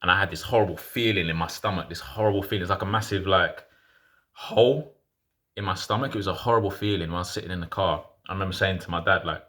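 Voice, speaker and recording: Deep-voiced man telling a story. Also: fast, a bit bright. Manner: slangy, frank, rambling with restarts. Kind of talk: casual personal storytelling.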